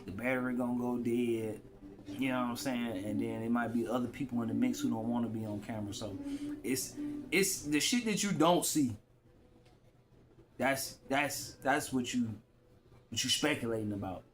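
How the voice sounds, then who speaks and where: Talking straight into his phone at a normal pace, a man with a mid-range voice vlogs in a casual, rambling monologue to camera. His slang-heavy talk wanders and he often repeats himself.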